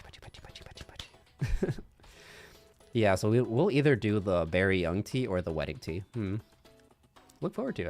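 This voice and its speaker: A man's voice: sits low, a little mellow. A man streaming, rambling in casual chat on a binaural microphone, thinking aloud with hums and little laughs.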